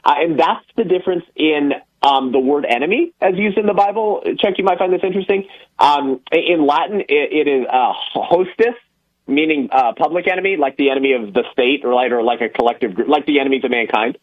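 A man's voice: on the high side, fast. A man explaining word meanings in a chatty, casual way, using lots of fillers. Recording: dull lo-fi sound.

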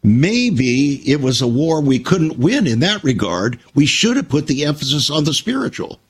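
Older man, husky, earnest storyteller. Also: fairly high pitch, very animated, normal speed. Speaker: Christian broadcaster. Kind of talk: conversational talk show.

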